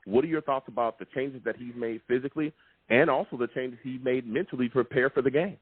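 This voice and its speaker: A man hosting a live call-in sports podcast, talking emphatically and repeating himself with excitement. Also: medium pitch, fast, breathy edge, no room sound. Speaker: sports talk show host. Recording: tinny phone-like, dry sound.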